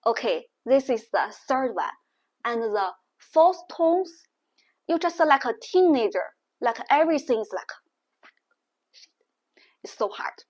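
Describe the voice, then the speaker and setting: A woman teaching Mandarin tones in a language lesson, explaining slowly and deliberately. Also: high-pitched, expressive, darkish tone. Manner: slow, deliberate explaining with exaggerated tone demonstrations.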